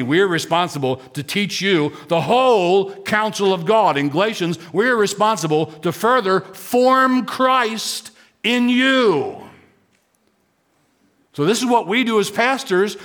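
A man's voice: high-pitched, fairly bright tone. A man pastor from Pennsylvania preaching a sermon with emphatic lists and rhetorical questions. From Pennsylvania, United States.

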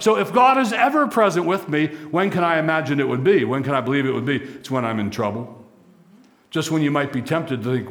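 A man preaching a sermon as pastor, emphatic, stacking repeated phrases and slowing for key lines. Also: a little high, expressive, a bit bright.

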